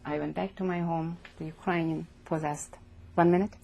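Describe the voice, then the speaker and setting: An older woman from Poland giving oral history testimony as an interviewee, speaking haltingly and repeating words as she goes. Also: fairly low pitch, steady tone, warm tone. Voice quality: gravelly, husky.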